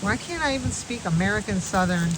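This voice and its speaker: A woman's voice: mid-range voice, animated, brisk. Chatty woman filming her backyard animals. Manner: chatty, rambling, calls out to backyard animals by name. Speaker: wildlife vlogger. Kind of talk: casual backyard vlog chat. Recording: outdoor recording with clear background noise.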